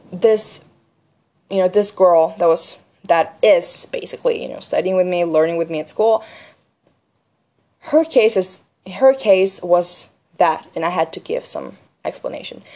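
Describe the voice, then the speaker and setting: A woman's voice: medium pitch, a little mellow. A teenage girl talking casually and earnestly, with lots of fillers, sharing advice about choosing a career. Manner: earnest, chatty, many fillers like "you know". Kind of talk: casual monologue.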